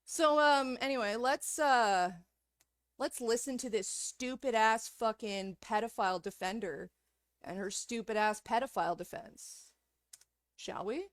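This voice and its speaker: A woman's voice: fairly high pitch, measured pace, dry recording, studio quality. A woman streamer in a heated, profanity-filled rant, angry throughout. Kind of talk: livestream rant.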